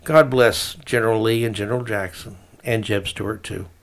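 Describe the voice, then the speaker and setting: A man's voice: lowish voice, steady tone, normal speed, vocal fry. A man hosting his own opinion podcast, talking in a sarcastic, mocking way. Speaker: podcast host.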